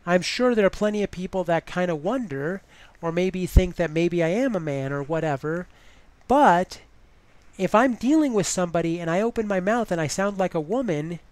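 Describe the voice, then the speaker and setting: A woman's voice: fairly low pitch, darkish tone, no room sound. A woman giving advice in a casual vlog, chatty and full of "you know" fillers.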